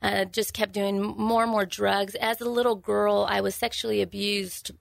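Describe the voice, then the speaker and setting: Gravelly, earnest woman from California. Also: medium pitch, little pitch movement, no echo. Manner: earnest, halting, many restarts. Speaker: guest sharing her testimony. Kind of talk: personal testimony interview.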